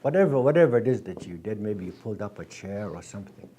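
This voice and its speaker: A man teaching a language class, patient and gentle, repeating words slowly with many halting restarts. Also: fairly low pitch, expressive, husky.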